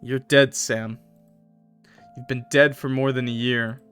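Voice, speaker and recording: A man reading the lines of a grieving widow in a horror visual novel, in a hushed, quiet voice. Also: mid-range voice, little pitch movement, slow, smooth, faint music behind. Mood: sorrowful. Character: grieving widow, adult woman, tearful and firm.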